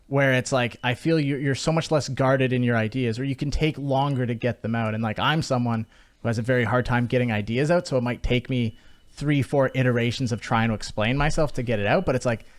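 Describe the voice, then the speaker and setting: A man's voice: medium pitch, fairly quick. A man from Canada hosting a podcast in casual chat, rambling with lots of fillers and swearing freely. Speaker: podcast host.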